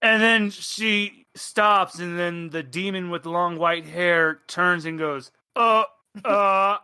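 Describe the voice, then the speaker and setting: Bright-voiced game master. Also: male voice, high-pitched, slow pace, clean tone, no echo. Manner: animated, laughing, rambling. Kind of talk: narrating a tabletop game.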